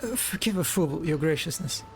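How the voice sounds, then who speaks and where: A man voicing a frightened lowborn laundry woman who pleads and stammers, reading game dialogue aloud on a live stream. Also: animated, normal speed, creaky, soft background music. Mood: pleading.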